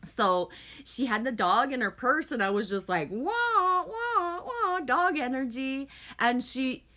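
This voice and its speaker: A woman's voice: on the high side, lively intonation, a little slow, pushed and bright. A middle-aged woman from Canada chatting casually with viewers, telling stories, swearing freely and laughing often. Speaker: livestream host.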